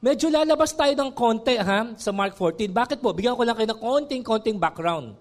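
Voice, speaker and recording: Man, Filipino accent, pastor, sermon, high-pitched, reads scripture slowly. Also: lively intonation. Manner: switches between Tagalog and English, asks listeners "okay?" often.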